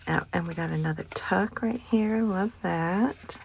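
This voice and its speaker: A woman, hosting a casual craft unboxing vlog, gushing over each item with soft asides. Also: on the low side, measured pace, vocal fry, a little hiss or hum. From Kentucky. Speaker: craft channel host.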